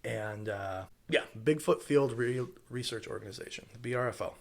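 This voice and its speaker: A man from Wisconsin co-hosts a podcast, chatting casually in a relaxed, loose, rambling way with lots of fillers. His voice has a medium pitch, moderate pace and vocal fry.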